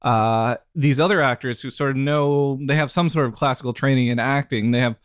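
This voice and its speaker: A man on a podcast talking in a measured, analytical way and hedging often. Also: mid-range voice, clean tone, dry recording, clean studio sound. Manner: measured, analytical, hedges with "sort of". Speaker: podcast guest. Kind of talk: casual chat.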